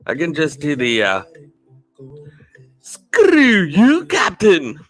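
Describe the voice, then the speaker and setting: A man's voice: fairly high pitch, pushed and bright. A man hosting a casual live stream, upbeat, greeting viewers by name and chuckling often. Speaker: livestream host.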